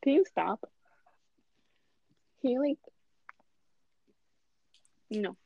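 A woman's voice: fairly high pitch, expressive, drawn-out words, gravelly, no room sound, dull audio. A young woman chatting casually, teasing and protesting with lots of giggles. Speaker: co-host. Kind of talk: casual chat.

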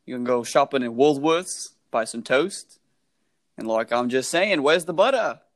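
A man's voice: medium pitch, expressive, measured pace, slight background noise, close to an everyday voice. A man putting on a put-on Australian accent to play a cheery young Australian bloke, breezy and slangy.

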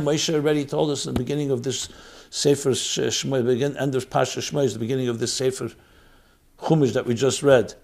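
A man's voice: medium pitch, gravelly, darkish tone. A man giving an earnest, emphatic Torah talk as a rabbi, full of rhetorical questions.

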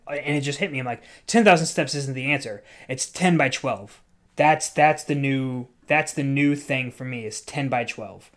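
A young man talking casually on his own, rambling with frequent restarts and growing animated when something excites him. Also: medium pitch. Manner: rambling, many restarts and self-corrections. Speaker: podcaster leaving the military. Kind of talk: casual solo monologue.

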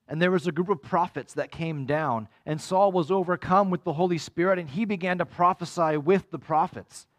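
A man preaching a sermon as pastor, animated and acting out quoted voices with big swings in pitch.

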